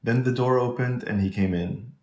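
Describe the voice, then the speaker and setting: A man's voice: mid-range voice, normal speed, a little mellow. A man narrating a children's novel as an audiobook, reading steadily and barely changing his voice for the characters. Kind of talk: scripted narration. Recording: echoey room.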